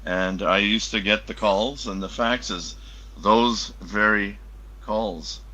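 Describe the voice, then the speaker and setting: Bright-voiced man, low and hesitant. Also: slow pace, rough recording. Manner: hesitant starts, then animated. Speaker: podcast guest, former customs officer. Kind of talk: casual podcast chat.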